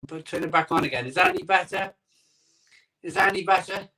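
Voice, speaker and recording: A rambling, chatty man with a voice that sits a little high for a man. He hosts a casual live stream from his home conservatory and talks into a phone mic. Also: a little fast, bright, forceful tone, far from the mic, poor audio. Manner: rambling, chatty, reads out viewer comments. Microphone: iPhone microphone.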